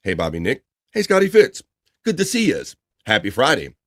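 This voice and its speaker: A man's voice: medium pitch, wildly swooping pitch, normal speed, dry recording, clean studio sound. A man hosting a casual livestream, reading viewer messages aloud in a loose, chatty way. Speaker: livestream host reading chat. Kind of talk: casual chat.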